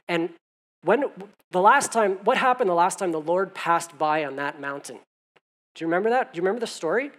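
A man preaching a sermon in a conversational way, growing animated as he reads scripture aloud. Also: a little high, fairly quick. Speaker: pastor.

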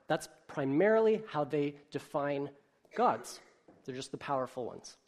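A pastor preaching a sermon in an explanatory, conversational way, animated when he reads a children's story aloud. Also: on the high side, normal speed.

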